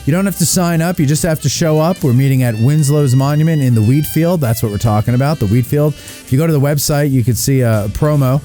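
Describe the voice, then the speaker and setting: A man's voice: fairly high pitch, a little fast, dark tone, soft background music. A man hosting a live show in casual chat, joking and chatty with a lot of fillers. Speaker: host.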